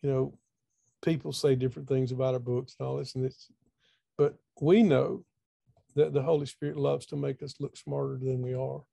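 A man's voice: mid-range voice, level tone, normal speed, vocal fry, dark tone, dry recording. A middle-aged man, telling a story in a folksy, conversational way over a video call, often repeating words as he thinks. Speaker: speaker. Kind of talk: storytelling talk.

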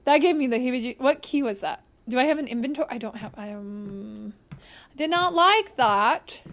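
A young woman streaming a horror game live, chatting to her viewers, jumpy and quick to swear, shrieking and laughing whenever something startles her. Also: fairly high pitch, a little mellow.

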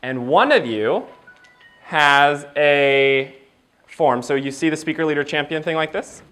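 A man speaking in a slightly high voice, giving a motivational keynote before a live audience. He is animated and jokey and slips into other people's voices as he tells the story. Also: measured pace, faint music behind. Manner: animated and jokey, acts out quoted dialogue.

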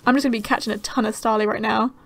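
A young woman giving casual, excitable gameplay commentary, gasping and chattering to the creatures on screen. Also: a little high, rapid-fire, gravelly, faint music behind. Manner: bubbly, gasping, easily excited. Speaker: gaming channel host.

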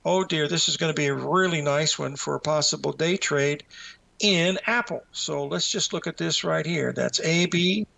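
A man's voice: on the high side, moderate pace, gravelly, pushed and bright. A man hosting a live market show, out of breath, rambling as he walks through trading charts and talks to himself.

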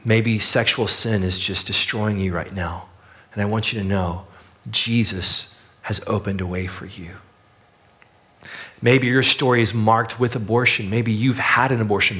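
A pastor delivers his sermon as a story, his everyday mid-pitched voice earnest and steady. At the key moments he draws back to a quiet, gentle hush. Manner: storytelling, earnest, dropping soft on key lines.

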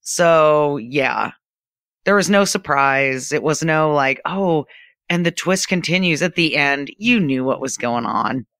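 Podcast panelist, frank, dismissive, casual chat, bright forceful tone, dry sound. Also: mid-range voice, unhurried, clear, resonant tone, no room sound.

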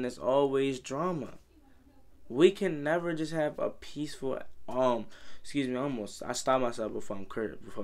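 A man's voice: mid-range voice, clear, resonant tone. A young man vlogging about football, rambling and exasperated, peppering his talk with "bro" and "man.". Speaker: sports vlogger. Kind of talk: casual fan commentary.

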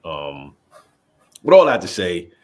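A man in his thirties co-hosting a casual chat, animated, quoting lines and restarting his sentences. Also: low voice, slow. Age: 30s. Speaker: podcast co-host. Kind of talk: casual chat about rap.

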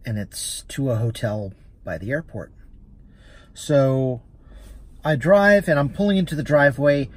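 A man's voice: mid-range voice, a little hiss or hum. A man, a rideshare driver and vlogger, chatting casually as he recounts a story with quoted dialogue.

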